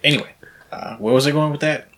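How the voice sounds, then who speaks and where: A man co-hosting a podcast in casual chat, telling a rambling, crude story with deadpan jokes. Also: a little high, fast talker, slight background noise. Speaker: podcast co-host.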